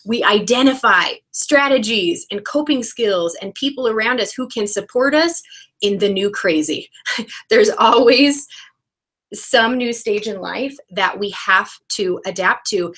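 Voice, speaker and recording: Woman, 30s, education podcast co-host, emphatic and lively delivery, mid-range pitch. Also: measured pace. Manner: emphatic, laughs often.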